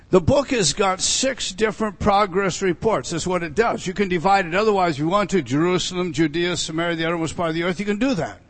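A male pastor preaching a sermon, animated and emphatic, with frequent asides to the congregation. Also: high voice.

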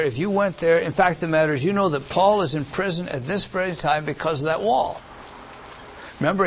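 A man's voice: a little high, a little hiss or hum. A man preaching an expository sermon, emphatic and repeating phrases for stress while pointing out words and diagrams. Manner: explains with gestures to a text or diagram. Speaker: pastor.

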